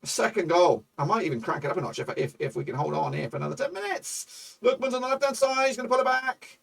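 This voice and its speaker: A man commentating his own football management game for viewers, excitable and swearing, shouting at goals. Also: high voice, fast talker, vocal fry, hardly any pauses, slightly rough, recorded from a distance. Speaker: gaming YouTuber.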